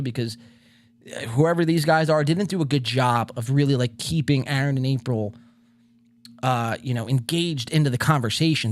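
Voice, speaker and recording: A man hosting a podcast, pausing a clip to give sarcastic casual commentary. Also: mid-range voice. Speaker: podcast host.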